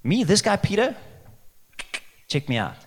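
Preacher putting on a cocky disciple, raised voice, bouncy delivery. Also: male voice, high voice, very animated, unhurried, slight background noise, pitched above the performer's own voice, heavily acted. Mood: brash. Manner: cocky, eager, blustering. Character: brash overconfident male disciple Peter.

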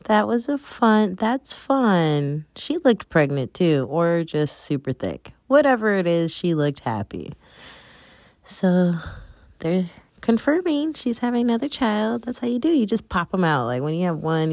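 A woman's voice: fairly low pitch, a little mellow, no room sound, studio quality. A woman hosting her own show, chatting casually and rambling with plenty of fillers. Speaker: podcast host. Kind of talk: casual solo chat.

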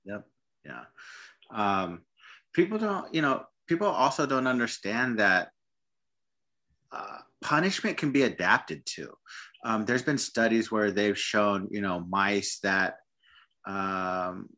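A man with a low, bright and forceful voice talks about dog training in a relaxed conversation. He hesitates often and circles back, repeating words as he finds his point. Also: slow, pauses often. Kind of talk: casual podcast conversation.

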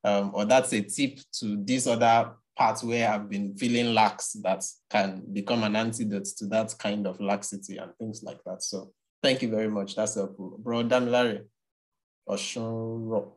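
A man leading an online faith group over a video call, encouraging and measured in how he affirms others. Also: lowish voice, fairly even intonation. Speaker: study group leader.

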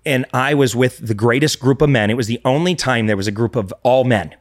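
A man's voice: mid-range voice, brisk, no echo, studio quality. A man speaking as a podcast guest, earnestly telling a confessional personal story with frequent restarts.

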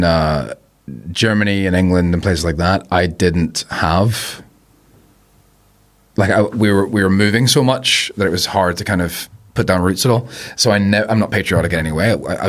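A man talking as a podcast guest in casual conversation, reflective and rambling, laughing easily. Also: low-pitched.

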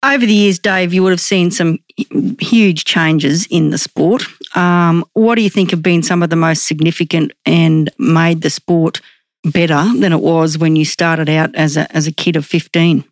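A man's voice: fairly high pitch, steady tone, moderate pace, dry recording, studio quality. A man hosting a radio interview, asking long, conversational questions.

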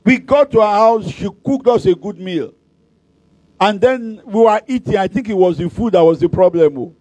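A man's voice: high voice, normal speed, warm tone, no room sound, low-quality recording. A middle-aged male pastor, preaching at a convention with emphatic, repeated declarations and humorous stories. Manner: humorous storytelling.

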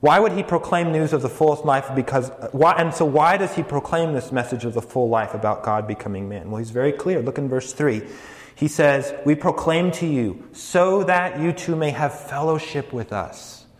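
A man's voice: on the high side, normal speed. A man preaching a sermon to college students as a campus ministry preacher, earnest and building emphasis, with light jokes along the way. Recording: echoey hall with long reverb.

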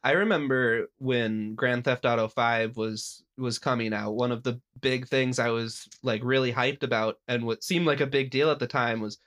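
A man's voice: medium pitch, normal speed, hardly any pauses. A young man from the American Midwest, co-hosting a podcast in casual chat and laughing often. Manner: laughs often, relaxed and chatty. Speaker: podcast co-host.

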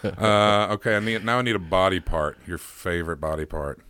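A man's voice: low-pitched, brisk, pushed and bright, clean tone, dry recording. A man co-hosting a podcast, chatting casually and reading a silly word-game story aloud, laughing at his own readings. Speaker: podcast co-host.

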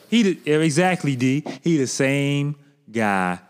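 A man co-hosting a podcast, chatting casually with animated, laughing emphasis. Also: mid-range voice, slow, smooth. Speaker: podcast co-host. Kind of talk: casual chat.

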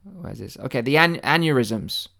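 With a gravelly, mid-range voice at a moderate pace, a man rambles through a mock-earnest, deadpan conspiracy satire. He stammers, restarts, and swears along the way.

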